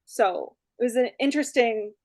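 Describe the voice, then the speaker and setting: A woman, a paranormal investigator, adding details quickly and matter-of-factly in a casual interview. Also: a little high, a little mellow, no room sound, studio quality. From Canada.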